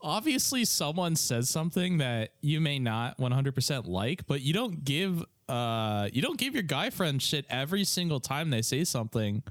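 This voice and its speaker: A man's voice: fairly high pitch, sing-song, moderate pace, few pauses, a bit bright, no room sound, clean studio sound. A man co-hosting a podcast in casual banter, joking, laughing and often interrupting. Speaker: podcast co-host.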